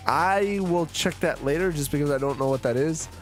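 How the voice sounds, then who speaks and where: A man's voice: a little high, normal speed, soft background music. A drunk man streaming a game, rambling, swearing and chatting with his viewers. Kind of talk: casual live-stream chat.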